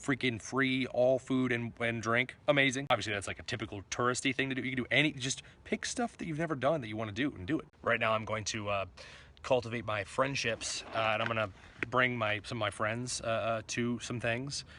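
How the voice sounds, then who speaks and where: A man's voice: mid-range voice, steady tone, a little fast, sharp tone. A man from Florida talking to camera in a casual vlog, rambling and joking at himself. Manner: rambling, self-mocking, laughs between thoughts. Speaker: vlogger.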